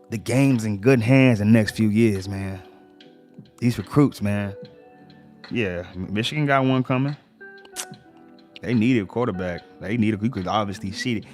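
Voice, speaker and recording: Working through scores one by one, a relaxed sports livestream host tosses out quick slang asides in a laid-back, casual way. He speaks in a fairly low voice while soft music plays faintly in the background.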